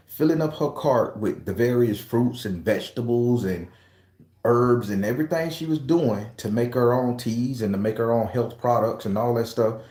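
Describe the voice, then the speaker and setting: A man's voice: medium pitch, darkish tone, reverberant. A man casually telling a story to his viewers, profane and emphatic, speaking straight to his audience. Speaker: tarot reader and channel host.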